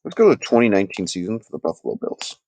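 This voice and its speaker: A man with a fairly low voice hosts a casual live sports talk stream and talks straight to his viewers. His pitch swings widely as he makes his points with animated emphasis. The sound is dry and close, with no room echo. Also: racing.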